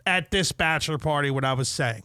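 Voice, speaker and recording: A man spins a profane, animated story on a podcast. His voice sits high, and the sound is dry and close. He swears constantly and acts out every quoted line. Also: a little fast, clean tone, no room sound. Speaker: podcast co-host. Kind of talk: casual storytelling chat.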